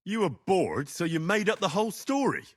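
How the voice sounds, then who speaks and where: A skeptical young man for a story game, speaking with a dry edge. His voice is husky and moves around a lot in pitch. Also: big pitch swings, normal speed.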